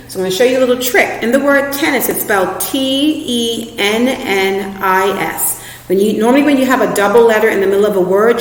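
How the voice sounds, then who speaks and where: Echoey woman teacher in a classroom. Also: medium pitch. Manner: patient, spells words out slowly letter by letter. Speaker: reading teacher. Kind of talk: recorded classroom lesson for students. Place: classroom with a flip chart. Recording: very echoey room with a long reverb.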